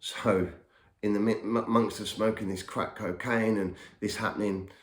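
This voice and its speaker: Man, podcast host, rambling storyteller, lowish voice, echoey room. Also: steady tone, moderate pace. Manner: rambling, repeats words while recalling events. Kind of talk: personal storytelling. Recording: roomy echo.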